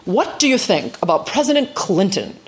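A woman's voice: mid-range voice, very animated, normal speed, natural voice. A woman voicing a regal older grandmother who speaks in a dry, matter-of-fact way.

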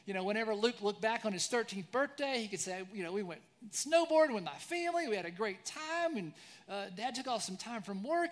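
Man, pastor, high voice, conversational sermon, storytelling then quiet reflection. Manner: conversational, frequent "right?" tag questions; swings between raised storytelling and soft reflective tones.

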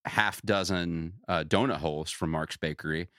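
Man, joking co-host, very low voice, loose and profane. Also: normal speed, a bit bright, dry recording, clean studio sound. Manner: joking, casual, swears freely. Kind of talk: casual chat.

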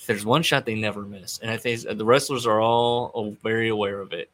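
A man's voice: fairly low pitch, fairly even intonation, moderate pace, a bit bright. A middle-aged man hosting a casual podcast recap, rambling with wry, offhand asides. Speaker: podcast host recapping wrestling.

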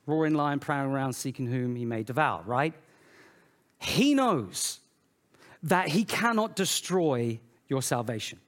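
A man preaching a sermon in an animated way, swinging between loud, emphatic phrases and quiet, low asides. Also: unhurried. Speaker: pastor.

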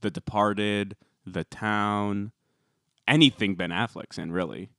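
A man's voice: lowish voice, steady tone, a bit bright, clean tone, no echo, clean studio sound. A man hosting a podcast, chatting casually and teasing his co-host with jokes. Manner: jokey, teasing, quick to laugh. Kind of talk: casual chat.

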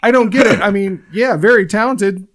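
A man's voice: sits high, normal speed, a bit bright. A middle-aged man co-hosting a podcast in casual chat, making dry, wry asides. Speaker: podcast co-host.

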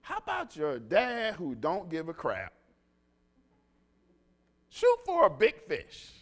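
A man preaching a lively sermon, telling stories and calling the congregation to respond. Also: high voice, slow pace. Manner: animated, call-and-response with congregation.

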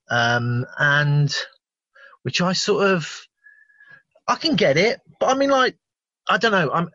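A man's voice: on the high side, pushed and bright. Rambling man, muffled lo-fi. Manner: swearing, chuckling, loose and rambling. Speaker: guest musician. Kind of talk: casual rambling anecdote. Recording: muffled lo-fi sound.

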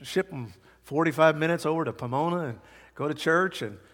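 A middle-aged male pastor delivers a sermon in a somewhat high voice, hammering key words through repetition. He slips into folksy personal stories, and his voice rings out with a long hall reverb. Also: fairly quick, a bit bright. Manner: emphatic, repeats key words for effect.

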